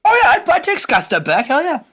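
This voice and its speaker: A man's voice: very high-pitched, huge pitch swings, a little fast, sharp tone. A man hosting a wrestling podcast with upbeat, playful banter in casual chat. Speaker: podcast host.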